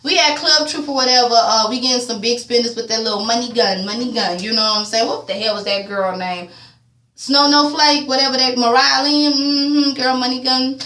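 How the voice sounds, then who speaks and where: A woman talks through a TV episode in loose, profane slang, getting worked up over the characters. Her voice sits a little high and comes across bright and forceful. She is recorded from a distance in a room that echoes. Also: a little fast. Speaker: TV recap vlogger. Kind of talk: casual TV episode recap.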